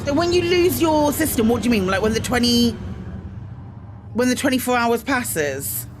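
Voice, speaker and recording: Against a noisy background, a British woman with a voice on the high side speaks expressively at a moderate pace. She's streaming a space game, greeting viewers in bursts and chatting casually with lots of ums and self-mocking asides.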